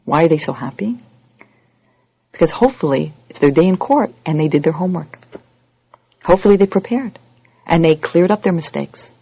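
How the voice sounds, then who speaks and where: A woman giving an animated lecture, acting out little scenes and quoted voices as she teaches. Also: creaky, slightly rough, no room sound. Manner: animated, acts out quoted voices with big pitch jumps. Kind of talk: lively lecture. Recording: dull lo-fi audio recording.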